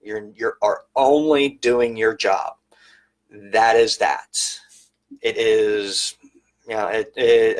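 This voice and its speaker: A middle-aged man giving a live-streamed talk as an educator, telling workplace stories in a conversational, emphatic storytelling manner. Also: on the low side. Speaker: private service educator.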